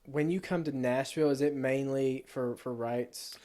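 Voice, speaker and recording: Relaxed man hosting a casual podcast. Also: mid-range voice, normal speed. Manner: relaxed, agreeing, with short backchannels. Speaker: podcast host.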